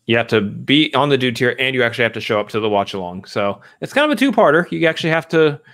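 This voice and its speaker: A young man co-hosts a live movie stream. He lays out his points steadily and slips in dry teasing jabs, with a voice of ordinary middle pitch. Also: sing-song, quick pace, fairly bright tone. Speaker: co-host. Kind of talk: casual live-stream chat.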